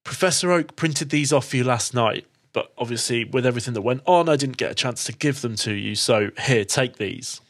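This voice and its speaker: A man's voice: mid-range voice, a little fast, few pauses, lightly acted. A man voicing a shaken, tearful young woman researcher in a tabletop game. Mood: flustered.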